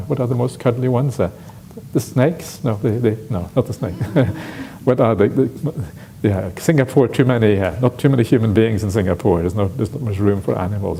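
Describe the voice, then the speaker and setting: A man giving a Buddhist dharma talk at a retreat, telling a story with many "uh" fillers and lively acted-out quotes. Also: fairly low pitch, creaky, slight background noise. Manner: frequent "uh" fillers, animated when acting out quotes. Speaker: Buddhist monk teaching a retreat. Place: retreat centre hall.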